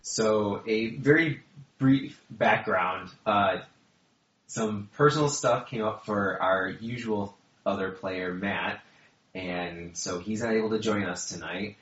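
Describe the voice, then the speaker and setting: A man running a tabletop game as game master, chatting casually with his players, laughing often and pausing on fillers. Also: fairly low pitch, fairly bright tone. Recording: dull lo-fi sound in an echoey room.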